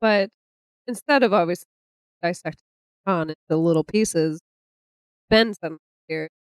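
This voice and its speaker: A woman co-hosting a podcast, retelling a comic in casual chat, animated and laughing often as she acts out the characters' lines. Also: lowish voice, moderate pace, clean tone, no room sound. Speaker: podcast co-host.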